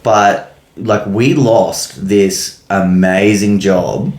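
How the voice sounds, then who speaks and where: Aussie bloke rambling thru a story, lots of ums and swearing, lowish voice, echoey room. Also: male voice, very slow, darkish tone. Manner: loose storytelling, swears, many fillers. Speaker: podcast co-host. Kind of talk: casual chat.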